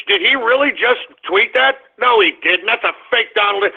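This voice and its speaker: A man hosting an internet radio show, ranting with profanity and shouting outbursts. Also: sits high, expressive, normal speed, gravelly, few pauses, husky. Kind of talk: call-in internet radio rant. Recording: tinny phone-line quality.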